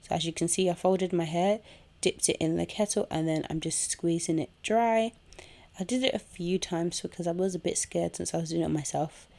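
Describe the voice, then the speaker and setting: A young woman walks viewers through a home tutorial in an easygoing, chatty way. Her voice sits low with a gravelly fry, and she talks while chewing gum. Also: moderate pace, dark tone. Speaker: hair tutorial host. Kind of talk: casual step-by-step tutorial. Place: home room with a kettle nearby.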